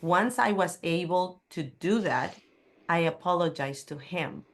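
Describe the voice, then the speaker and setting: A middle-aged woman speaks as a guest, recounting a personal story with candor and feeling. Her voice sits on the low side for a woman. Her English carries small non-native grammar slips. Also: normal speed.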